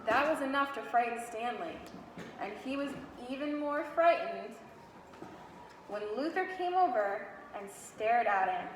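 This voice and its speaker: A woman teacher reading a storybook aloud to a class in an animated way, stopping to ask the children questions. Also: a little high, a little slow. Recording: echoey classroom with long reverb, faint noise.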